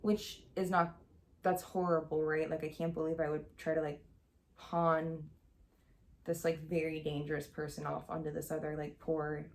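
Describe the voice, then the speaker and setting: Chatty young woman with a gravelly edge. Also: sits low, little pitch movement, moderate pace. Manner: chatty, heavy use of "like" and "um", candid. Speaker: vlogger. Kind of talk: casual storytelling to camera.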